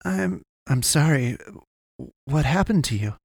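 A man reads a nervous young man, raised in pitch, soft and pleading, earnestly urging that the dying man be helped. An audiobook figure with a plain, dry sound. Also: lively intonation, normal speed, dry recording. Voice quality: higher, soft, anxious.

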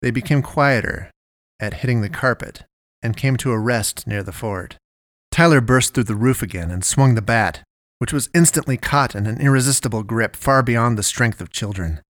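A man narrating a story in a quiet, measured way. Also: medium pitch, dry recording, clean studio sound.

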